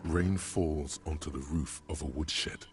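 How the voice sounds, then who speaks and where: A man voicing a brooding, deadpan inner-voice narrator in a video game, deep and measured. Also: slight background noise. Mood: somber. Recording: game audio with music playing.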